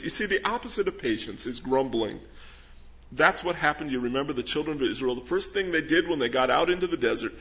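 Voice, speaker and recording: A man's voice: medium pitch, a bit bright, lo-fi sound. A man preaching a sermon, reading scripture and asking rhetorical questions with earnest emphasis. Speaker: pastor.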